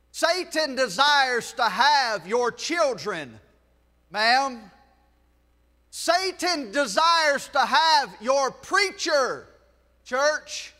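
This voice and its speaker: A man with a Southern US accent preaching a sermon in a church, swelling into shouts and breaking off for joking asides to the congregation. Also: very high voice, big-room sound. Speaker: pastor. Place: church sanctuary.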